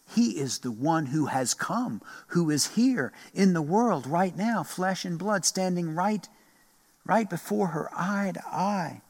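A man preaching a sermon in a slow, reflective way, repeating phrases and pausing often. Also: high-pitched, expressive, in a large hall. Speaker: pastor.

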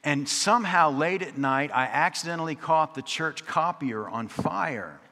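A man delivers a storytelling sermon with a bright, clear voice. He drops in wry, chatty asides and leans on rhythmic repetition. The sound rings out with a long reverb, as in a church sanctuary. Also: a little high, animated, a little slow. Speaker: preacher. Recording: long reverb of a large hall.

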